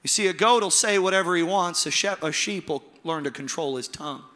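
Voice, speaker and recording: A man preaching a sermon to his congregation, with dramatic pauses, soft low drops and rising, emphatic calls. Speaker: pastor. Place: large church hall. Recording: long hall reverb with piano behind. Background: soft piano.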